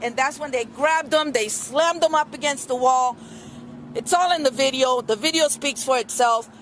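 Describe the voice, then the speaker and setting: A woman's voice: high voice, moderate pace, fairly bright tone. A middle-aged woman gives an earnest, rambling witness statement at a press conference, with many fillers. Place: outdoor street press conference. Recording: news camera outdoors, faint street noise.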